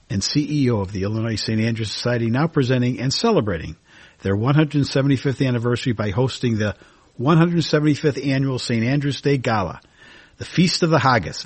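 A man's voice: medium pitch, husky. A man hosting a radio talk show, reading long ornate introductions and chatting with enthusiasm.

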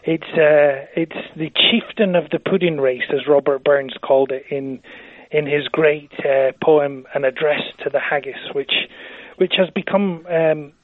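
A man calls in to a radio show over a thin, tinny phone line, his voice sitting fairly high for a man. He tells witty stories and drops in lines of poetry. The sound is dry and close. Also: a little slow, no room sound. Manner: witty, anecdotal, quotes poetry. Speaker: charity society president, guest. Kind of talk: phone-in radio interview, storytelling.

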